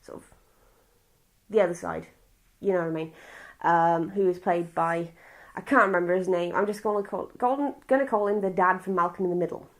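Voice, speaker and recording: A woman's voice: lowish voice, brisk, long pauses. A woman from Wales with a Welsh accent, casually reviewing a film in a chatty, rambling, blunt way. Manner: rambling, chatty and blunt, with frequent restarts and swearing.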